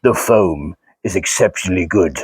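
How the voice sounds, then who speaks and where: Bloke doing a darth vader voice, deep slow masked villain, kinda stiff. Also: male voice, a little mellow, breathy edge, dry recording. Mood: solemn. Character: menacing masked male space dark lord.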